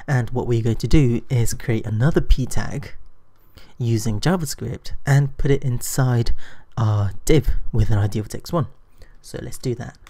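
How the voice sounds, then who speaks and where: A man giving a screen-recorded coding tutorial, thinking aloud in an unhurried way with frequent fillers. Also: medium pitch, mellow. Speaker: programming tutor.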